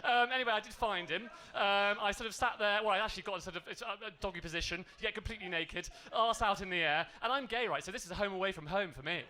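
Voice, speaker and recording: A posh gay man delivering a stand-up set on a club stage, rambling through his story with frequent ums and little asides. His voice sits high and sounds bright and crisp. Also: fast, few pauses, a little hiss or hum. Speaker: stand-up comedian. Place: comedy club stage with audience.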